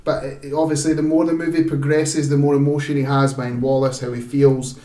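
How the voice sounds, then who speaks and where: A young Scottish man co-hosting a podcast, giving his opinions in halting casual chat. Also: fairly high pitch, level tone, mellow, echoey room, distant mic. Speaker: podcast co-host.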